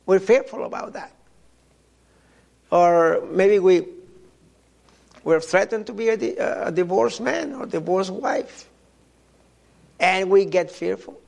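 Halting older man preaching, gravelly. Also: high-pitched, a little mellow. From Mexico. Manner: halting, repeats words, storytelling. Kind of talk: sermon.

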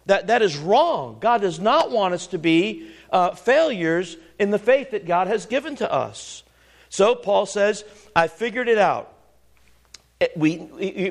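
A male preacher with a notably high voice delivers a sermon. He reads verses aloud and drives his points home with restarts, repetition and direct questions to his listeners. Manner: emphatic, repeats words and asks the congregation questions.

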